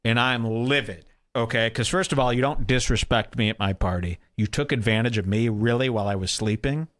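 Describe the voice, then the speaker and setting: Bright, excitable male storyteller. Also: brisk. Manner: excitable, profane, acts out quotes with big pitch jumps. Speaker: podcast host. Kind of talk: animated storytelling.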